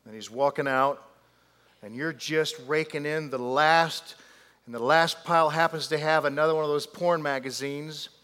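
A man preaching a sermon, telling a story animatedly with drawn-out pauses and asides to the congregation. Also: fairly high pitch, steady tone, a bit bright, smooth. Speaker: pastor. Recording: long hall reverb.

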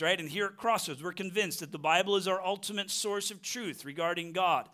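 A man preaching a sermon as pastor, earnest and conversational, often asking "right?" and slowing down to stress key phrases. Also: a little high, bright, forceful tone, clear, resonant tone.

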